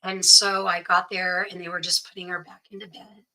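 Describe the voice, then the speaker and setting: A woman's voice: lowish voice, little pitch movement, fairly quick, pushed and bright, rough recording. A middle-aged woman, a guest in an interview, telling a personal story and acting out what each person said. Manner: recounts events by acting out quoted dialogue.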